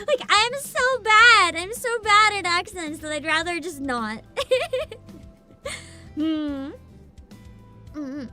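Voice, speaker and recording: A woman's voice: high voice, bright, forceful tone. A young woman streaming a story game, chatting casually and playfully with her viewers and giggling often. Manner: giggly, playful, talks to chat. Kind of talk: casual livestream chat. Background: faint game music.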